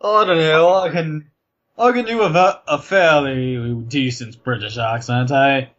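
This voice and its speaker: A man's voice: on the high side, a little slow, a bit bright. A young man co-hosting a casual podcast, laid-back, with dry short replies. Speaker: podcast co-host. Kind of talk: casual banter. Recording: dull lo-fi home mic.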